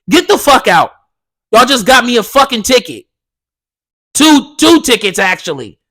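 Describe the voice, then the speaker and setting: A young man hosts his own podcast and rants hard, cursing all the way through. His voice sits high for a man and comes out bright and sharp, with a fired-up, profane edge. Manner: profane, heated ranting. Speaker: podcast host. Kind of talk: solo podcast rant.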